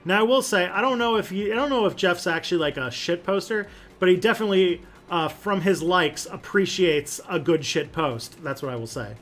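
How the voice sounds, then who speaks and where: A man's voice: high voice, brisk, fairly bright tone. A man hosting a casual livestream and answering chat questions, rambling with lots of fillers and restarts.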